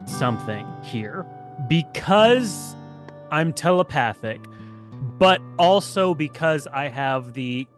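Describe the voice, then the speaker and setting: A man's voice: on the high side, lively intonation, slow pace, faint music behind. Chatty man playing a tabletop game. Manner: chatty and giggly, thinking aloud. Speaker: player. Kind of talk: casual tabletop game talk.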